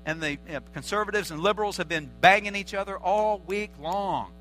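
A male pastor delivering a sermon in an earnest way, repeating short calls to action. His voice sits a little high and sounds bright and forceful. A faint mains hum runs under the recording. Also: brisk, rough recording.

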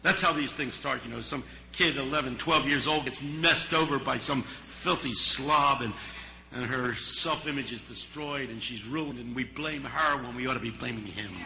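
A man telling a story in a sermon, earnest and dramatic, pausing for effect. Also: medium pitch, creaky, sharp tone, a little hiss or hum, poor audio.

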